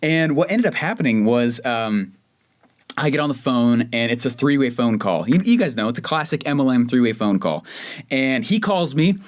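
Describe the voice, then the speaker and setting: A man's voice: medium pitch, lively intonation, moderate pace. A young man from Colorado hosting his own podcast, telling a personal story in a chatty, self-mocking way with lots of fillers and restarts. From Denver, Colorado. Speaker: podcast host. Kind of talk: casual solo podcast storytelling.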